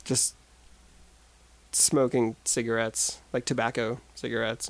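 A man's voice: medium pitch, flat delivery, takes it slowly, long pauses. A man co-hosting a podcast in casual, rambling chat. He is jokey and fills his talk with "like". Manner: rambling, filler-heavy, jokey. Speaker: podcast co-host.

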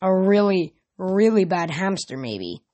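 A man's voice: sits high, sing-song, unhurried, a little mellow. A young man reading a novel aloud as an amateur reader, plain delivery with small slips and restarts.

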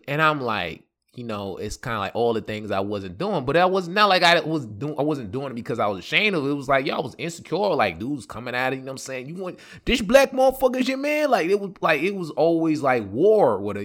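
Laughing often and using heavy slang, a young podcast host shares a personal story in a casual way. His pitch is medium and his tone fairly bright.

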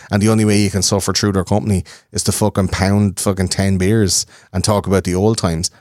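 A man in his thirties, a podcast guest, talking in a rambling, profane, animated way. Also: deep voice, dry recording, studio quality. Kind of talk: casual conversation.

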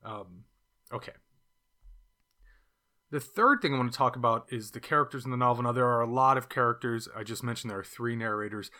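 A man with a Californian accent shares his thoughts on a novel in a casual, unscripted way. His voice is bright and forward, and he talks in an easy, reflective manner with the odd filler and restart. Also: medium pitch, brisk, pauses often. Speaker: book reviewer. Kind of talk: casual book discussion.

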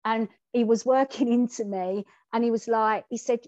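A woman's voice: a little high, normal speed, dry recording. Woman telling a candid personal story. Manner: animated storyteller, acting out quoted dialogue. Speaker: podcast co-host. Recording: dull, dry and muffled.

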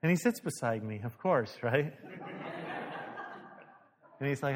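A man's voice: mid-range voice, animated, unhurried, pauses often. A male pastor preaching a sermon, telling a story animatedly, acting out the dialogue and laughing at himself. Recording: long hall reverb.

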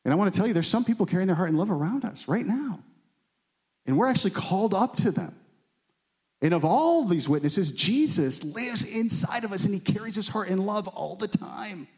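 Animated preacher man with a high voice. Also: a little fast. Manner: animated, swings between excited exclamations and low earnest asides; asks the listeners direct questions. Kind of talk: sermon. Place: church meeting room.

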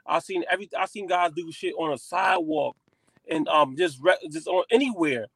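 A man who is a comedian, telling stories in animated casual chat with plenty of swearing. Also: fairly high pitch, fairly quick, vocal fry, slightly rough, no echo. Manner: animated storytelling with frequent profanity.

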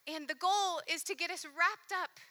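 A woman preaching a sermon, earnest and intimate, softening to near-whispers while reading scripture aloud. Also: extremely high pitch, normal speed.

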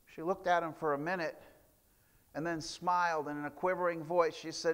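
A man's voice: high voice, fairly even intonation, brisk, fairly bright tone, clear, resonant tone, long reverb tail. A man preaching a sermon, telling stories with frequent restarts and fillers. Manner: storytelling with repeated restarts and fillers. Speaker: pastor.

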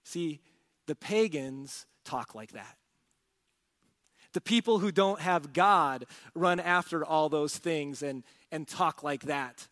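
A high-pitched man preaching a sermon, pressing his points with rhetorical questions and swinging from loud bursts to quiet asides. His voice carries a long reverb from a large church sanctuary. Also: takes it slowly. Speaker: pastor.

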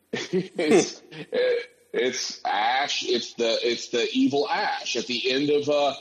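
A man's voice: medium pitch, animated, takes it slowly, a bit bright, lo-fi sound. Man making his case in casual podcast talk. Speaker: podcast co-host. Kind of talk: casual chat.

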